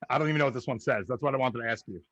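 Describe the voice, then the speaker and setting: Brief: New York podcast host, easy laugh, dry close-miked room. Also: male voice, medium pitch, racing, a bit bright, no room sound, muffled recording. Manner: laughs a lot, reads out gag names letter by letter. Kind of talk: casual podcast interview.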